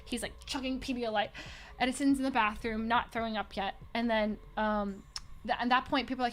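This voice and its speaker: A young woman chatting casually, telling an animated story, laughing often and acting out what others said. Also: fairly high pitch, fast talker, a little hiss or hum. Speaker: podcast co-host.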